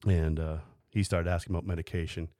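A man's voice: deep voice, fast talker, no room sound, clean studio sound. A man chatting casually, telling a story with frequent laughs and bits of acted-out dialogue. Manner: animated storyteller, laughs often, acts out voices. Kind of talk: casual chat.

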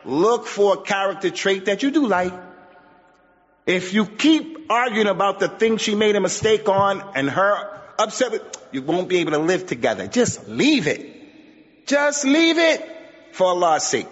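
A man's voice: high-pitched, expressive, normal speed, fairly bright tone. A man preaching a sermon, emphatic and repetitive, mixing Arabic phrases into his points. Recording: muffled audio with long hall reverb.

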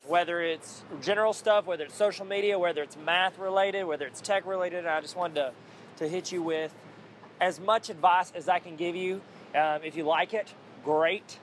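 A man's voice: high-pitched, normal speed, fairly bright tone, a little hiss or hum. A man hosting his own podcast, talking casually in a jokey, rambling way and restarting often to poke fun at himself. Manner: jokey, upbeat. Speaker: podcast host. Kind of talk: casual solo podcast monologue.

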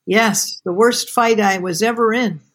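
Calm steady colonel, gentle and husky, read by a woman. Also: medium pitch, unhurried, natural voice.

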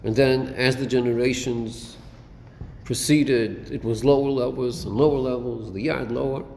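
In an echoey hall with faint background noise, a male Torah teacher gives a classroom lecture on a Chassidic text. His mid-range, darkish voice keeps fairly even intonation at a moderate pace as he asks rhetorical questions and drops Hebrew terms into his English.

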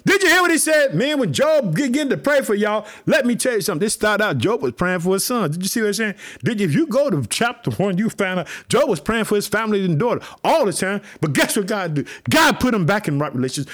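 A man preaching an energetic sermon, reading Bible verses and praying, slangy and casual, calling his listeners family and shouting when fired up. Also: sits high, fast, few pauses. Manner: long repeated prayer refrains.

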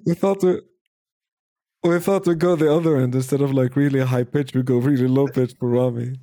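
A man's voice: mid-range voice, fairly even intonation, a little fast, dark tone. A man hosting a podcast, chatting casually and joking with his co-host. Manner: jokey, laughs often. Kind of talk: casual chat.

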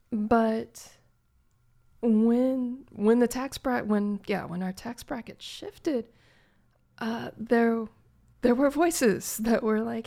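A woman co-hosting a casual chat, reflective and unhurried, pausing with fillers as she thinks. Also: on the high side, gravelly, darkish tone.

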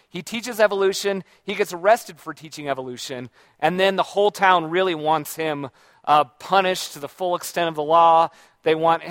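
In casual book talk, a man reflects on what he's read, meandering and often restarting or correcting himself. He has a high voice with a fairly bright tone, speaking at a moderate pace, and there's no echo.

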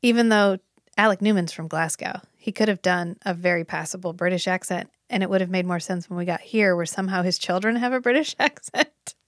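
A woman co-hosting a casual chat podcast, opinionated and animated, swearing now and then as she talks. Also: fairly low pitch, fairly quick, no room sound, clean studio sound. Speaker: podcast co-host.

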